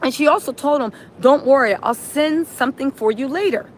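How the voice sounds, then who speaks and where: A woman hosting a reaction livestream, recapping events in animated storytelling, acting out quotes and often asking "right?". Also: high-pitched, a little fast, slight background noise. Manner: punctuates with "right?". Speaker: streamer host.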